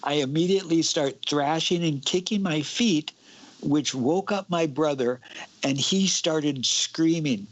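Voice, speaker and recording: A man's voice: fairly high pitch, unhurried, poor audio. Man telling a ghost story. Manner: vivid, suspenseful retelling of a personal experience. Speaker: guest. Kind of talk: casual storytelling.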